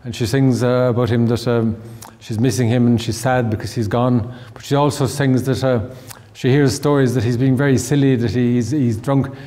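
Southern Irish male lecturer, warm low tone, stumbling repeats, reverberant room. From Ireland. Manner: repeats words, restarts often. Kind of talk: online lecture.

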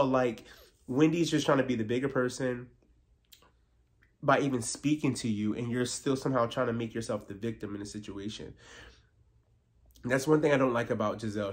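A man giving a casual, opinionated recap of a reality TV episode, peppering his talk with "like". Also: mid-range voice. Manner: opinionated, filler-heavy with frequent "like". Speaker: TV recap vlogger.

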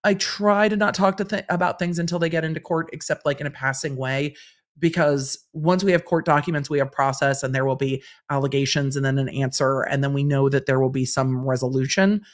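A woman's voice: extremely low pitch, steady tone, a little fast. Chatty woman hosting a livestream. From Los Angeles. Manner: chatty, repeats phrases for effect. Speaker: host and lawyer commentator. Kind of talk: casual livestream chat reading comments.

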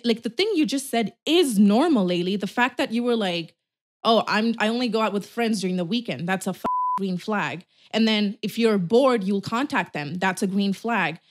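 A young woman hosting a podcast, chatting candidly and animatedly, swearing and acting out quotes. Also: medium pitch. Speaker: podcast host. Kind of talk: casual chat.

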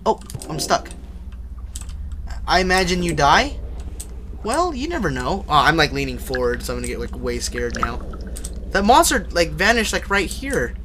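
A young man livestreaming a horror game, chatting casually with viewers, joking and shouting when startled. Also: sits high, big pitch swings, moderate pace, slight background noise. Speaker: livestreaming gamer. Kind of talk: casual live gameplay commentary.

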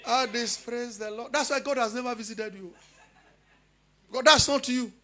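A middle-aged man, preaching a charismatic sermon loudly and often shouting. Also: very high-pitched, moderate pace. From Nigeria. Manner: loud preaching with frequent shouting. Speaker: pastor.

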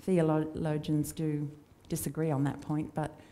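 A woman's voice: deep voice, flat delivery, measured pace. A woman preaching a sermon in a church, conversational and storytelling in her delivery. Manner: conversational, warm storytelling with acted quotes.

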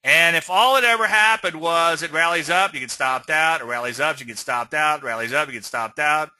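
A man's voice: fairly high pitch, brisk, bright, forceful tone, no room sound. A man teaching swing trading on a live webinar, rambling and conversational, often checking in with "okay?". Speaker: trading educator.

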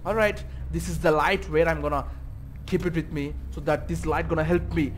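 A man's voice: a little high, fairly even intonation, moderate pace, a little hiss or hum. A man giving let's-play commentary on a horror game, swearing constantly and rambling nervously in a panic. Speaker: gaming YouTuber.

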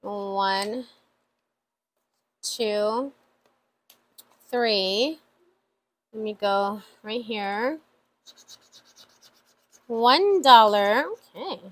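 A woman vlogging about her savings challenges, chatting excitedly to viewers and counting money out loud. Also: medium pitch, extremely slow, long pauses, poor audio. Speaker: budgeting vlogger. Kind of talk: casual vlog talk to viewers.

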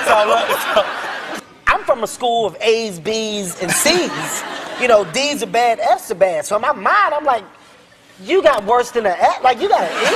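High-voiced, animated comedian man. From Philadelphia. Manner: animated, laughing, yelling punchlines. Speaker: talk show guest. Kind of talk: comedic storytelling. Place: television studio with audience. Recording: loud studio audience laughter, noisy.

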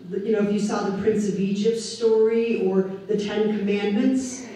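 A woman pastor delivering a sermon, preaching deliberately with emphatic rises on key words. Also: mid-range voice, steady tone, dark tone. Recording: echoey room, voice from far off the mic.

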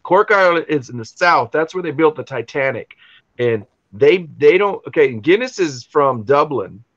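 A man with a fairly high voice tells a story in an animated, rambling way, piling up fillers and restarts. His voice comes through a bit muffled, with a dry sound. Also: normal speed, no room sound. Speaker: stream host. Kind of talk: casual storytelling chat.

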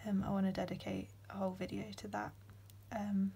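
A young woman, hosting a step-by-step beading tutorial in a soft voice that often drops to a whisper, with frequent ums. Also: medium pitch, completely flat delivery, a little fast, creaky, slightly rough.

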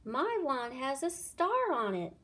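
A woman's voice: sits high, big pitch swings, slow pace, a bit bright, a little hiss or hum, pitched above the performer's own voice, exaggerated voice. A woman voicing a boastful, jealous fairy in a storybook read-aloud, screeching her claims. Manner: screeching, showing off.

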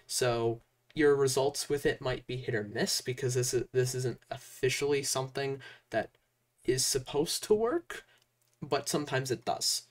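Young man, casual tutorial host, chatty with fillers, mid pitch, slightly distant mic. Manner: loose and chatty, with frequent fillers like "uh" and "like". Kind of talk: casual screen-recorded software tutorial.

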